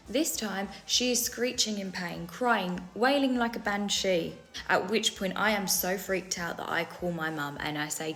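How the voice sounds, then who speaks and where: A woman's voice: medium pitch, unhurried, a bit bright, faint music behind. A woman telling a story casually, with wry, dry asides.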